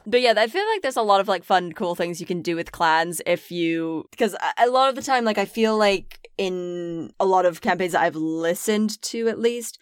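A woman hosting a casual tabletop gaming podcast, chatty and quick to laugh, swearing freely. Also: lowish voice, smooth, dry recording, studio quality. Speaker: podcast host. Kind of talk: casual chat.

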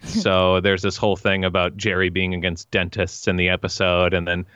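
A man's voice: low-pitched, level tone, moderate pace, fairly bright tone, smooth, dry recording, lo-fi sound. A man chatting as a guest on a podcast, joking around and slipping into silly voices. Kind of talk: casual podcast chat.

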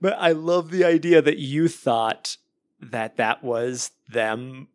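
A man's voice: medium pitch, little pitch movement, slow pace, no echo. Playful guy from arizona on a podcast, dry close sound, just chatting. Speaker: podcast co-host. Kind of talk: casual podcast chat.

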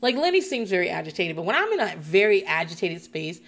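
A woman's voice: lowish voice, big pitch swings, quick pace. A woman hosting a casual recap show, rambling and swearing freely and laughing often as she talks. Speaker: TV recap podcast host.

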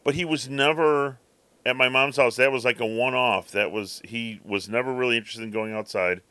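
A man's voice: mid-range voice, brisk, pushed and bright, clean tone, no room sound. A man co-hosting a podcast, telling a rambling story in casual chat and acting out his cat's thoughts. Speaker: podcast co-host.

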